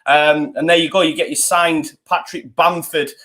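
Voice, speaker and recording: A man's voice: fairly high pitch, steady tone, moderate pace, bright, forceful tone. A man hosting a casual podcast chat over a video call, chatty and upbeat with lots of fillers. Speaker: host.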